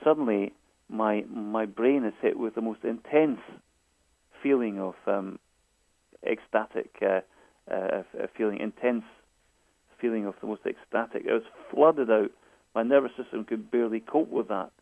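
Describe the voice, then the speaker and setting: A guest author from Scotland recounts stories during a phone interview, stumbling as he repeats and restarts his words. His voice is fairly low and his speed normal. The phone line sounds tinny, with no room sound.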